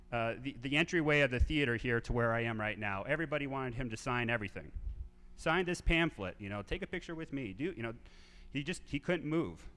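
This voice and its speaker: A man in his thirties telling animated stories to a live audience from a theater stage, acting out voices. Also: medium pitch, clean tone. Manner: animated anecdotes, acts out quoted voices. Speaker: speaker at a civic event. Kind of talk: storytelling talk to a live audience. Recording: reverberant theater sound.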